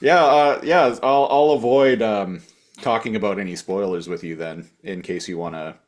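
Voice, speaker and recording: A man co-hosting a podcast, recapping a TV episode in casual chat, full of "like" fillers and quick voices for the characters. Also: lowish voice. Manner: filler-heavy, recaps scenes with quick impressions. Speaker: podcast co-host.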